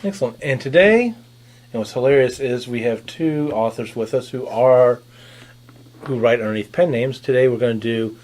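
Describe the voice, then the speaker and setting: A man's voice: medium pitch, moderate pace, a little mellow. A man hosting a podcast panel, talking animatedly with sarcastic asides. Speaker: podcast host and producer. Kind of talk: casual panel chat.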